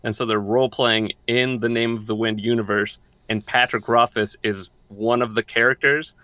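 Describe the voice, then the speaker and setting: A man's voice: medium pitch, steady tone, moderate pace, sharp tone, dry recording. A young man co-hosting a podcast, chatting casually and rambling, often repeating and restarting his words. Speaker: podcast co-host.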